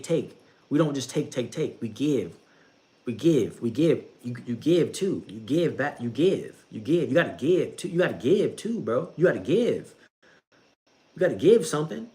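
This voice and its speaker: A young man giving a casual talk about faith, repeating himself a lot and calling the listener bro. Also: medium pitch. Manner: repetitive, conversational, says bro a lot, laughs at own jokes. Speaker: bible reading streamer.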